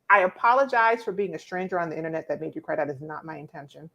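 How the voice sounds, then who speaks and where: Expressive woman coaching on a live stream. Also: deep voice, fast, hardly any pauses, highs cut off. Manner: expressive and preacherly, teasing viewers by name, emphatic repetition. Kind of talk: casual live-stream coaching talk, reading viewer comments.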